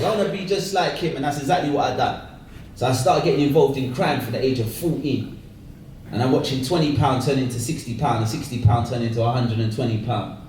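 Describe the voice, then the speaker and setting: A man in his thirties from South London with a London accent, telling his life story in a lively, slangy way, recorded from a distance in an echoey hall. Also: mid-range voice, a little hiss or hum. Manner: lively, slangy, acts out voices with laughter. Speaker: speaker sharing his conversion story. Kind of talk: animated personal storytelling talk.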